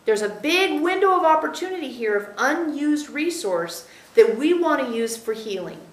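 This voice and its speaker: A woman with a high, bright-pitched voice gives a channeled spiritual teaching to a small group. She explains step by step in a measured tone, speaking as "we" and pausing to check understanding. The recording has a roomy echo. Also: big pitch swings.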